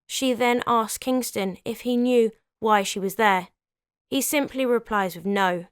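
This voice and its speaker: Woman narrating history, high and dry. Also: measured pace, smooth, no echo. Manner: conversational with chatty asides. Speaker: history video host.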